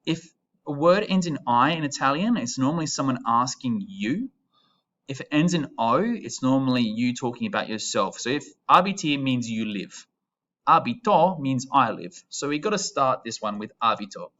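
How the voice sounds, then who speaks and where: A man's voice: mid-range voice, lively intonation, normal speed, fairly bright tone, muffled recording. A young Australian man in his twenties, a teacher who explains an Italian lesson step by step in a patient, chatty way. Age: 20s. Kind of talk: recorded classroom lesson.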